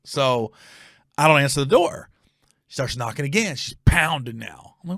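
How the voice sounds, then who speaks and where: A man's voice: medium pitch, normal speed, no echo, studio quality. A man in his forties, a comedian hosting his show, telling a story casually and profanely, acting out every voice. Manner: animated, profane, acts out every voice. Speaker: comedian host.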